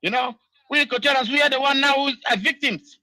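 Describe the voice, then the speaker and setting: A man rants in a heated political monologue, his voice very high and piercingly bright. He keeps circling back with "you know" as he scolds, and the sound is completely dry, with no room echo. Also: fast. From South Sudan. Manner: angry, ranting, peppered with "you know". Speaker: diaspora political commentator.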